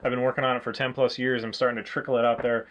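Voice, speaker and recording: A man's voice: medium pitch, level tone, very fast, fairly bright tone, muffled recording. A man hosting a board game review show in easygoing, casual chat with plenty of fillers. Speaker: host.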